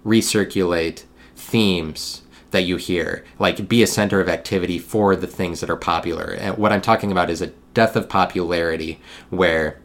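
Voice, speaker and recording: A young man hosting a solo podcast, talking in a meandering monologue with frequent restarts, sometimes getting loud when riled. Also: low voice, steady tone, normal speed. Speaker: podcast host.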